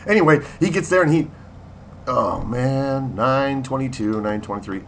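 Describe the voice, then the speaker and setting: A man's voice: medium pitch, animated, unhurried, slight background noise. A man in his fifties casually telling a rambling story in a spoken diary, acting out quotes and laughing. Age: 50s. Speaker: video blogger.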